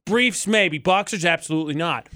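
High-voiced joking male radio host. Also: pushed and bright, no room sound, clean studio sound. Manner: joking, quick asides and teasing. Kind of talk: morning radio banter. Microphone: studio microphone.

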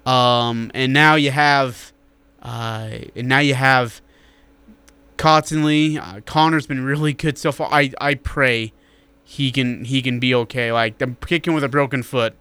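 Man, sports radio host, bright forceful voice, rambling and joking, dry close sound. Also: medium pitch, smooth, no echo. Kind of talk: casual sports talk.

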